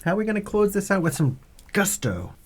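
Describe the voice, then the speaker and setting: Patient, teasing dad hosting a vlog. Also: male voice, sits high, big pitch swings, a little fast, slightly rough. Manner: patient, teasing, explains step by step. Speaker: vlog host, father. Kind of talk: casual unboxing chat.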